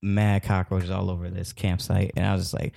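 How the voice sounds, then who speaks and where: A man telling a long, rambling story as a podcast guest, animated and full of fillers. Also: low voice, a little fast, gravelly, no room sound. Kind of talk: casual storytelling.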